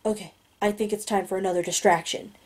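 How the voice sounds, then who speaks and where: A woman's voice: medium pitch, fairly even intonation, fast, lightly acted. A woman voicing a grim whispering young man. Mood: urgent. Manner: hushed and grim, urgent. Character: wry young male teleporter, grim, whispering. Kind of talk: audiobook character voice.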